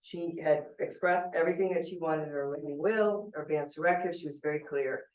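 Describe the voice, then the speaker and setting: A woman's voice: low voice, brisk, a little mellow. A woman in her sixties, a judge presenting a seminar, talking candidly and telling a personal story in a chatty way. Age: 60s. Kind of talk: public talk with personal anecdote. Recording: roomy hall, picked up from a distance.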